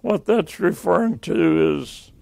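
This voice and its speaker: Older man, Bible teacher, very slow delivery, deeply gravelly voice. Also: huge pitch swings, dark tone. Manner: slow, halting, reads scripture and explains aloud.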